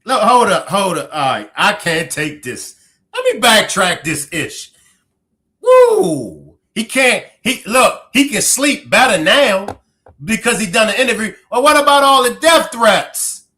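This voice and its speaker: A man's voice: high-pitched, animated, unhurried, pushed and bright. A man streaming live, reacting to a clip, who keeps laughing, exclaiming and breaking off mid-sentence.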